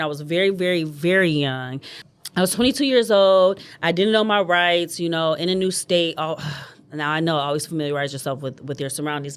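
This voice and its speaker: A woman's voice: on the low side, a bit bright. A woman in her thirties hosting a solo podcast, talking candidly and chattily with many fillers and restarts, sometimes acting out her own past words. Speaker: podcast host. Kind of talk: casual solo podcast monologue.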